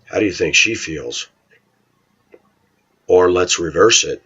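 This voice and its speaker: A man's voice: sits low, slow pace, a bit bright, slightly rough. A middle-aged man talking to his viewers in a rambling, opinionated monologue. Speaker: vlogger. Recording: dull lo-fi recording.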